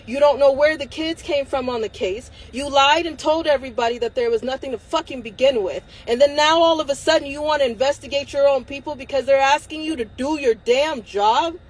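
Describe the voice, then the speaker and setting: A woman's voice: sits high, fairly quick, hardly any pauses, poor audio. A woman hosting a livestream, ranting angrily and defiantly with frequent swearing, close to tears at times. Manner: angry and defiant, swearing, laughing through tears. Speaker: livestream host. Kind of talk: impassioned livestream rant.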